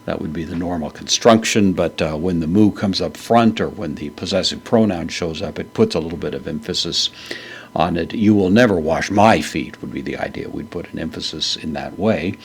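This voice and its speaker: A man giving a methodical verse-by-verse grammar lesson, pausing often with "uh" fillers. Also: low-pitched, gravelly, slightly rough. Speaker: Greek New Testament teacher.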